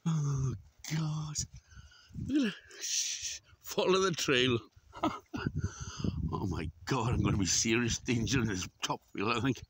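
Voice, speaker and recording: A man's voice: medium pitch, animated, slow, a bit bright, slightly rough. A man in his sixties, out of breath while climbing a hillside outdoors, talking casually and swearing a lot. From Wales. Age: 60s. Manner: exclaiming, swearing often. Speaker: vlogger. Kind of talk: casual walking commentary.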